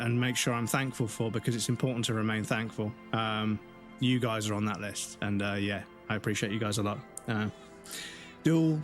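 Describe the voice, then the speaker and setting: A man streaming live, chatting casually and rambling, swearing freely, his throat slightly rough and dry. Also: medium pitch.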